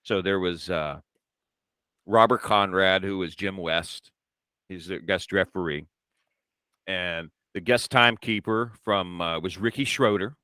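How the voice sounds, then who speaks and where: A man's voice: deep voice, measured pace, smooth, no echo. A man co-hosting a casual podcast, telling a story and acting out the dialogue with energy. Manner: animated storyteller, acts out quoted dialogue. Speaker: podcast co-host.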